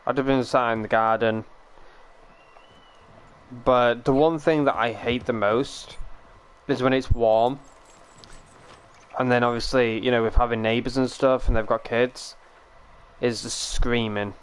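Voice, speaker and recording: A man's voice: mid-range voice, steady tone, measured pace, pauses often, smooth. A young British man with a British accent, chatting casually and rambling on a game stream, swearing now and then and laughing often. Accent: British English.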